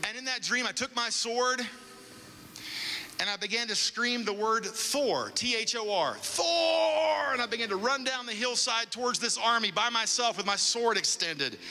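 A man pastor telling a personal story in a sermon, with dramatic, animated storytelling. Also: very high-pitched, normal speed, a little hiss or hum.

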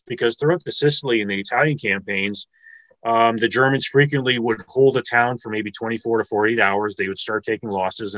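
A man lecturing on military history over a video call, his voice low in pitch, bright and forceful. He explains step by step, thinking aloud with fillers and restarts. The sound is dry and close. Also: dry recording, rough recording. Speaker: military historian giving a talk.

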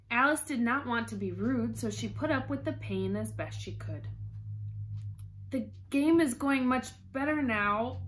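Woman, storybook narrator, slow, careful, expressive reading aloud. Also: mid-range voice, slight background noise. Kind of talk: children's storybook read-aloud.

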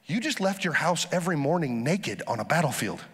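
A man preaching a sermon as pastor, energetic, with urgent appeals and calls for the congregation to respond. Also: on the high side, a little fast, very noisy. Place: church auditorium. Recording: live sermon in a large reverberant hall with faint music.

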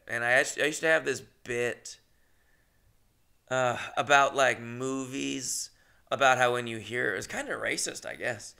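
A man's voice: mid-range voice, a little slow, gravelly, pushed and bright, smooth. A man in his thirties hosting a podcast, telling a rambling, self-deprecating story with frequent swearing and restarts. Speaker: podcast host. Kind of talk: casual storytelling.

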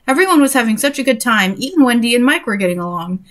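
Young woman, slightly high voice, sarcastic reader mocking a story between passages. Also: sing-song, quick pace, fairly bright tone. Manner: sarcastic and exasperated. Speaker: reader and commentator. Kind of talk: reading a story aloud with mocking asides.

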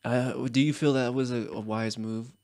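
A man's voice: medium pitch, steady tone, normal speed, a little mellow, dry recording, clean studio sound. A man hosting a podcast, talking in a laid-back way with short replies and casual swearing. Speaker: podcast host. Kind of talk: casual interview conversation.

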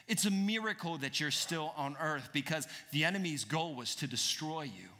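A man preaching a sermon as pastor, animated and asking the congregation questions. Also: fairly high pitch, normal speed, a little hiss or hum. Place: church sanctuary. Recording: church hall reverb.

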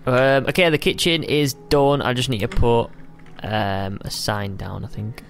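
A man's voice: a little slow, gravelly, soft background music. A man chatting playfully while playing a game together with friends. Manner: playful, chatty, swings up in pitch when excited. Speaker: gaming video host. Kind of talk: casual gameplay chat.

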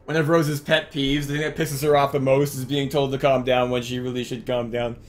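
A young man streaming a video game, joking loudly and swearing at his chat. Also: mid-range voice, flat delivery, brisk, faint music behind. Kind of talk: casual profane let's-play commentary.

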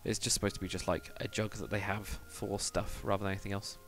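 A man's voice: fairly low pitch, level tone, fast talker, a bit bright, soft background music. A man on a casual live stream, thinking aloud and muttering to himself as he builds, stopping now and then to read out and answer viewer chat.

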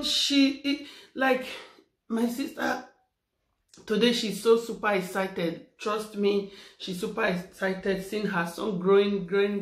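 A woman, talking fervently in a birthday vlog, repeating her phrases and praying aloud. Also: mid-range voice. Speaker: vlogger. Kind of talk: heartfelt birthday vlog with prayers. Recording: echoey room.

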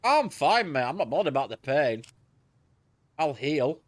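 A man's voice: medium pitch, darkish tone. A man with a Sheffield accent chatting loosely while streaming a game, bantering and swearing. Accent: Sheffield English. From Sheffield, England. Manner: banter, swearing, quick exclamations. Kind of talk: casual gaming chat.

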